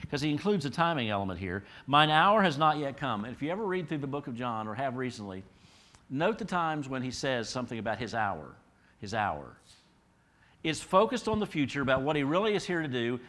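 A middle-aged pastor with a mid-range voice delivers an expository sermon. He speaks to the congregation conversationally, poses rhetorical questions, and shifts between emphatic rises and quiet drops.

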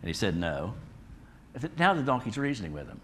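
A man's voice: medium pitch, very animated, very fast, fairly bright tone, slight background noise. A man preaching a Bible study sermon in a conversational way, often checking in with listeners. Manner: conversational, frequent "all right?" checks.

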